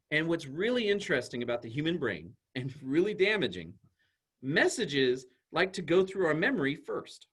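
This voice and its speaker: A man, a school psychologist, giving an animated presentation to an audience and explaining ideas through everyday examples. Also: a little high, breathy edge.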